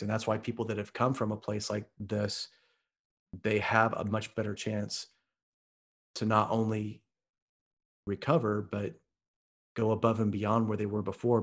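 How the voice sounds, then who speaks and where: This US Midwest man from Oklahoma, an author and speaker, is a podcast guest recounting a story earnestly and vividly in conversation. His lowish voice is monotone, at normal speed.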